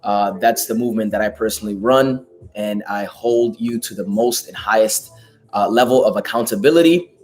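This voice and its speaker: Hoarse male motivational host, raspy and emphatic, faint background music. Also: lowish voice, normal speed, darkish tone. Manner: emphatic, profane, preachy. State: hoarse from a lost voice. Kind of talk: live motivational talk.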